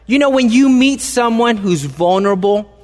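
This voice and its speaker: High-voiced man preaching in a reverberant hall. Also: animated, normal speed. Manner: conversational, asks the congregation questions; emphatic, repeats phrases for stress. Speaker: pastor. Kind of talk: sermon.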